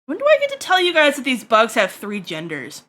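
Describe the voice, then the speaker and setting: High, bright-voiced woman streamer. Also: huge pitch swings, fairly quick. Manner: crude, joking, chatty with viewers. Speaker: livestreamer. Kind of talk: casual stream chat while drawing.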